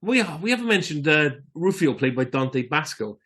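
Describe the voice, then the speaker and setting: A man's voice: on the high side, sing-song, moderate pace, a bit bright. A man co-hosting a film podcast, reading out trivia in a laid-back, casual way. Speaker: podcast co-host.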